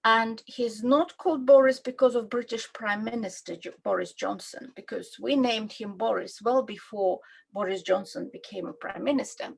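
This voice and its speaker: A woman from Russia with a Russian accent, a children's book author presenting her story's toy characters in a gentle, simple way and asking her listeners questions. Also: fairly high pitch, moderate pace, vocal fry, few pauses, husky, poor audio.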